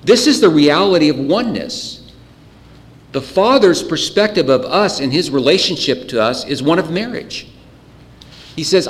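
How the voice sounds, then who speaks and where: Guy preaching a sermon, earnest and emphatic, keeps clearing his throat, big reverby hall. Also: on the high side, expressive, moderate pace. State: voice getting choked up. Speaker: pastor.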